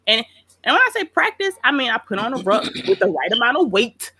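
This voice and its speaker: A woman, a pastry chef, telling stories in a casual interview, animated and slangy, laughing often. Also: on the high side, brisk, a little hiss or hum.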